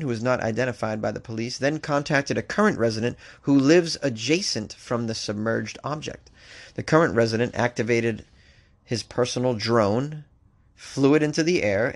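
A man hosting a comedic news talk show, reading strange stories aloud before riffing on them. His voice sits at a middle pitch. He delivers wry, joking asides in a casual tone. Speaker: podcast host.

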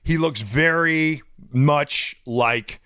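A man's voice: on the high side, extremely slow, sharp tone, no echo, studio quality. A man in his fifties, a podcast co-host rambling through a story in casual chat and acting out the quotes. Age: 50s.

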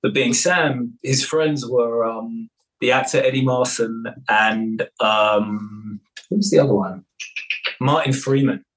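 A film director in casual interview chat, relaxed, with many fillers and restarts. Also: male voice, medium pitch, slow, rough recording.

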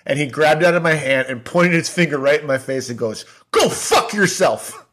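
A man in his forties, a podcast guest, telling a long, animated story in a casual, rambling way full of "like" fillers. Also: fairly high pitch, fast.

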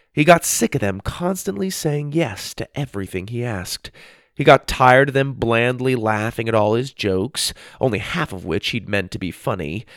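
A man narrating a children's storybook in an expressive, playful reading. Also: mid-range voice, no echo, studio quality.

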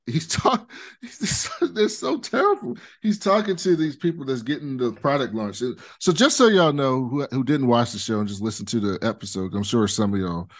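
Guy rambling thru a tv recap, like, fillers everywhere, average pitch. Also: expressive, moderate pace. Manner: loose rambling retelling with many fillers. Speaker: podcast co-host. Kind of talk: casual TV recap chat.

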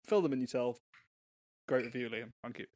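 A man's voice: medium pitch, fairly quick, background noise. A man co-hosting a casual music review podcast, rambling and searching for words. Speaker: podcast co-host.

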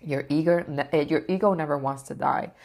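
A woman's voice: low voice, a little fast, darkish tone. A woman vlogger telling a personal story in an emotional, rambling way, with lots of fillers and the odd swear.

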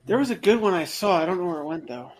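A man's voice: sits high, very animated, fast talker. A man hosting a casual podcast chat, rambling with lots of filler words. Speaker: podcast host.

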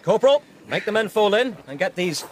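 Stern English captain; raised, lively commanding voice, radio drama. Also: male voice, high voice, a little fast, slight background noise. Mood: menacing. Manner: commanding, menacing, curt orders.

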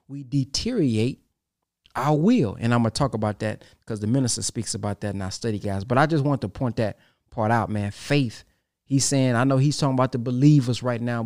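A man's voice: medium pitch, a little mellow. A man hosting a podcast, giving a casual spiritual talk in a colloquial, emphatic style with rhetorical questions.

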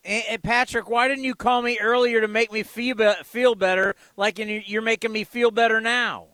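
Bright-voiced sports radio host. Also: male voice, sits high, fairly even intonation, normal speed, no room sound.

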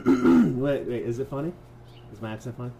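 A man's voice: mid-range voice, sing-song, moderate pace, vocal fry, a crowd in the background, poor audio. A man co-hosting a casual podcast chat, joking around with lots of swearing. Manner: joking, profane banter. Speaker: podcast co-host.

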